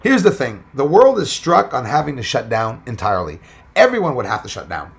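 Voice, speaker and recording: A man's voice: mid-range voice, huge pitch swings, fairly quick, gravelly. A man hosting a casual livestream, rambling and greeting viewers as he reads their comments aloud. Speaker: livestream host.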